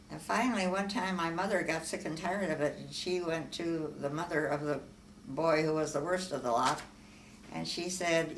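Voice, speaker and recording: An older, low-pitched woman from Omaha, Nebraska, unhurriedly tells her life story in an oral history interview, using frequent fillers and soft laughs. She sits far from the mic in an echoey room, with a faint hiss on the recording.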